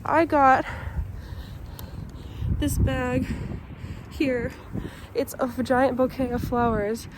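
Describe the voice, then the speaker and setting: A woman's voice: sits high, steady tone, extremely slow, pauses often, heavy background noise. A woman, sick with a stuffy nose under a mask, gushing emotionally while vlogging to a handheld phone. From Chicago, USA. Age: late 20s. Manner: emotional, gushing, repeated exclamations. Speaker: vlogger, departing English teacher. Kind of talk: handheld vlog talking to camera. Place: school grounds at night, partly outdoors.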